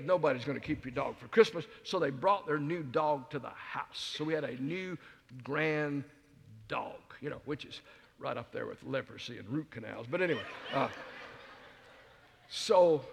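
A man's voice: on the high side, unhurried, creaky, slightly rough. An older man speaking as a guest preacher, telling folksy stories with self-mocking humor in a sermon. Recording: reverberant hall.

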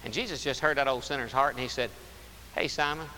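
A man's steady, medium-pitched voice sounds bright and forceful as he preaches. His delivery is emphatic, with drawn-out stresses and repetition, recorded amid roomy hall reverb and a slight hiss.

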